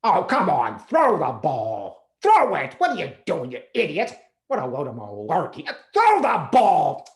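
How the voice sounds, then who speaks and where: A blustery middle-aged dad barking at the television, as a man puts him on, his voice jumping high and loud with every outburst. He is exasperated, with sharp bursts of shouting in a solo stage story. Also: wildly swooping pitch, fairly quick, hardly any pauses, heavily acted. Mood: yelling at TV. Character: gruff middle-aged dad yelling at football on TV.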